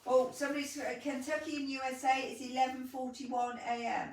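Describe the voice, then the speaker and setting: A woman chatting from behind the camera in a lounge at home, reading out viewer comments in a brisk, teasing way. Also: high-pitched, fairly even intonation, crowd noise. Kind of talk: casual live-stream chat. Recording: echoey room, voice from off-mic.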